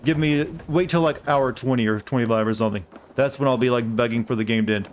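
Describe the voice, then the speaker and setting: A man's voice: mid-range voice, fast talker, a little hiss or hum. A man from the United States streaming a video game. He chats in a rambling way with sarcastic, griping asides. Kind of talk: casual gameplay commentary.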